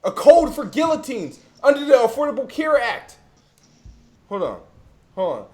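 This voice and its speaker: A man's voice: extremely high pitch, very animated, moderate pace, a little mellow. A man co-hosting a casual podcast, ranting with heavy profanity and getting worked up. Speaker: co-host. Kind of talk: heated casual podcast chat.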